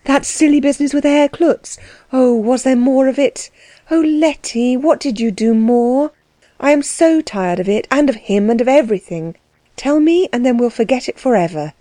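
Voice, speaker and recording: A woman reading the lines of a tender, weary young aunt in an audiobook, soft and pleading in her speech. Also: sits high, lively intonation, normal speed, no room sound, pitched above the performer's own voice.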